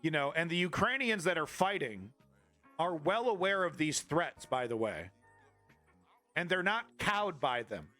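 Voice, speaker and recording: Guy ranting politics on his stream, swears a lot, sharp punchy voice, bit of music under it. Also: fairly high pitch, very animated, measured pace. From Canada. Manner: profane, flippant, repetitive restarts. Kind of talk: live-streamed political rant.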